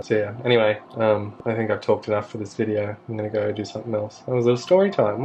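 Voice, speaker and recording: A man's voice: fairly low pitch, fairly even intonation, fast, a little mellow. Chatty Australian man vlogging. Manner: chatty, rambling and self-mocking, with frequent asides. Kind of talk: casual storytime monologue. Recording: slightly dull audio with faint background hiss.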